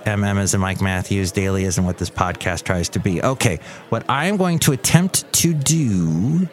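A man hosting his own podcast in a rambling, playful monologue. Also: on the low side. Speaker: podcast host. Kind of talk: casual comedic monologue.

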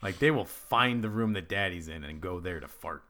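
A man's voice: sits low, moderate pace. A man and father on a casual comedy podcast, telling family stories with dry jokes. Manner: animated storytelling, dry jokes.

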